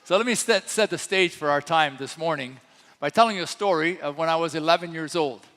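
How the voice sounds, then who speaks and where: A man's voice: on the high side, brisk, a bit bright. A man in his sixties from France with a light French accent, preaching a sermon as co-pastor in a chatty, storytelling way. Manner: storytelling, chatty with many fillers. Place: church sanctuary. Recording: long reverb from a church hall.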